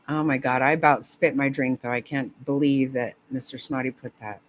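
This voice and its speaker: Slow-talking woman, laughing and swearing. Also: very deep voice, fairly even intonation, slight background noise. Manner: laughs often, swears, rambling and flustered. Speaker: streamer chatting with viewers. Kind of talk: casual live chat.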